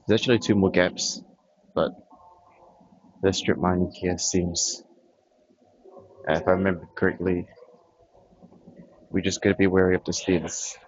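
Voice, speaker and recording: A young man talks through his gameplay in a loose, wandering way, often trailing off mid-thought. His voice sits very low. The recording is a bit dull and muffled, with a faint hum underneath. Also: flat delivery, measured pace, pauses often. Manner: rambling, offhand, trails off often. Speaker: gaming vlogger. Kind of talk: casual chat while playing a game.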